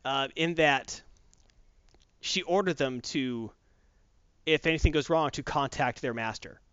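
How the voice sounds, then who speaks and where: A man's voice: on the high side, a little slow, a bit bright, clean tone, no echo. A man in casual chat, retelling a story animatedly and acting out characters. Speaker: podcast co-host. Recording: dull dry sound.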